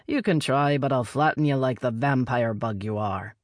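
A woman's voice: extremely low pitch, normal speed, no echo, studio quality. A woman voicing a blunt, mocking young male elf prince who trades insults.

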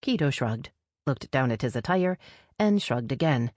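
A woman narrating a novel in a steady, even storytelling manner. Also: very deep voice, moderate pace, dry recording, studio quality. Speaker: audiobook narrator. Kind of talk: scripted narration.

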